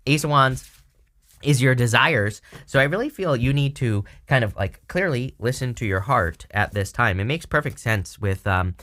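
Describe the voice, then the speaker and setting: A man's voice: mid-range voice, expressive, normal speed, fairly bright tone. A man giving a casual, rambling tarot reading, chatty with lots of fillers and frequent laughs. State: hiccups. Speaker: tarot reader.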